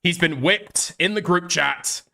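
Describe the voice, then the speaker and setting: A man's voice: high-pitched, a little slow, creaky, pushed and bright. A man commenting on online drama, reading out posts and reacting in a blunt, exasperated, profane way. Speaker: commentary streamer.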